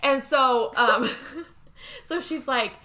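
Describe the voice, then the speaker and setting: A woman retells a film scene by scene in casual podcast chat. Her voice is slightly high and very bright. She slips into the characters' lines as she goes and breaks into laughter often. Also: drawn-out words. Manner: animated storyteller, acts out quotes, laughs often. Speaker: podcast co-host. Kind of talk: casual movie recap chat.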